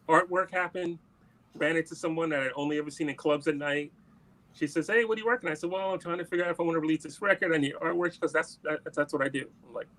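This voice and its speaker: A man in an interview, telling a long story in a casual way and acting out the lines of the people in it. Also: fairly high pitch. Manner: animated anecdote-telling, acts out quoted dialogue. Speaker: musician guest.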